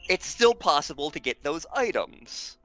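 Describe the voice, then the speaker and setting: Animated host explaining a game, dry sound. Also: mid-range voice, a little slow, no echo, faint music behind. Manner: explains game mechanics, uses fillers like um. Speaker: let's play host. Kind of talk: casual game commentary.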